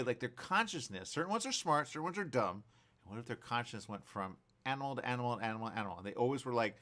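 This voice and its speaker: A male morning-show host in loose, rambling chat, his pitch leaping up and down as he spins playful what-if stories. His voice sits at an ordinary middle pitch. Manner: rambling, animated storytelling with playful what-ifs. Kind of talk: casual chat. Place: studio.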